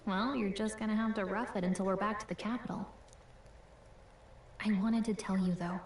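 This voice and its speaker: A woman's voice: medium pitch, steady tone, moderate pace, a little mellow, slight background noise, close to an everyday voice. An actress playing a friendly, teasing young female companion and guide in a game. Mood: concerned. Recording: roomy distant game audio with faint ambience.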